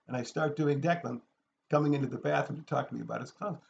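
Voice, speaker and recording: Animated male storyteller, lo-fi sound. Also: medium pitch, fast, vocal fry. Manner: animated, acts out the people in his story. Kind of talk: anecdote told aloud.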